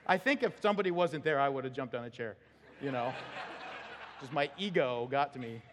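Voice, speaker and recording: A male pastor preaching a sermon, telling an animated personal story and laughing along with it. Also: mid-range voice, brisk, slight background noise. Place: church sanctuary. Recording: long hall reverb.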